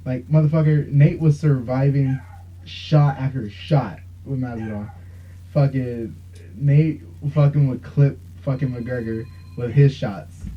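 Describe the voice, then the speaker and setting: A man's voice: medium pitch, measured pace. Rambling, profane young man on lo-fi audio. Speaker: podcast host. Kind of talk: casual chat. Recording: dull lo-fi sound.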